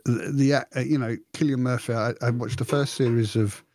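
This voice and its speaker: A man co-hosting a podcast, chatting in a rambling, animated way with frequent restarts. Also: medium pitch, normal speed, a little hiss or hum. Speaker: podcast co-host. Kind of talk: casual chat.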